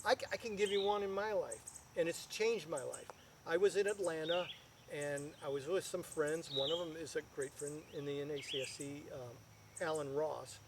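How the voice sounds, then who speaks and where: Animated male storyteller, slightly high voice. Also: moderate pace, background noise. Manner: animated storyteller, builds to loud punchlines. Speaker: guest financial advisor. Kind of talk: storytelling in a casual video chat.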